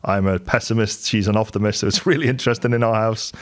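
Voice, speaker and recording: A middle-aged man talks straight to camera about business, in a candid, storytelling way. His voice sits on the lower side, and the talk is unscripted and conversational. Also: fast talker. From England. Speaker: business and property coach.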